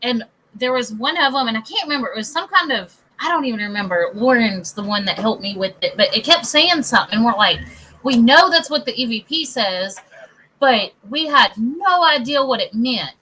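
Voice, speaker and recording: A woman's voice: a little high, animated, moderate pace, sharp tone, slightly rough, rough recording. A woman hosting a casual paranormal podcast chat, telling stories with laughter. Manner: laughing, storytelling. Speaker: podcast host.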